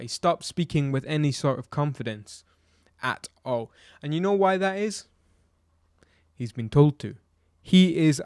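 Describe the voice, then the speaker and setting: A man's voice: a little high, no echo. Man, blunt football vlogger, exasperated rant, rhetorical questions, dry room. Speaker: football fan reviewer. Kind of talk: opinionated match review vlog.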